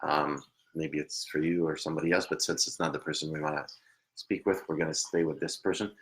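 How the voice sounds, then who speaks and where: His voice is extremely low yet a bit bright, fairly even in intonation and a little fast. A man giving a live online psychic reading from home at his computer, he sounds hesitant and apologetic, laughs often, and drifts into murmurs.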